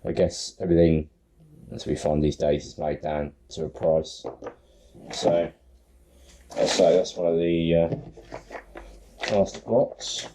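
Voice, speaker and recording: Middle-aged male host, deep and mellow voice, relaxed build walkthrough with frequent ums. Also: slow pace, creaky, long pauses, slight background noise, low-quality recording. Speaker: RC hobby channel host.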